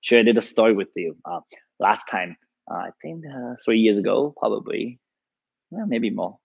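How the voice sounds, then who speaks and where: A man's voice: on the low side, expressive, moderate pace, vocal fry, breathy edge, dry recording, lo-fi sound. A man with a Chinese accent, a tai chi teacher casually telling a story to his live-streamed class, with many fillers and easy laughs.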